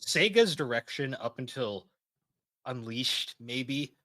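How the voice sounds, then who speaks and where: A man's voice: medium pitch, expressive, slow, pushed and bright, dry recording. A man co-hosting a casual podcast, joking and laughing mid-sentence as he talks. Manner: jokey, laughs mid-sentence, acts out quotes. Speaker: podcast co-host.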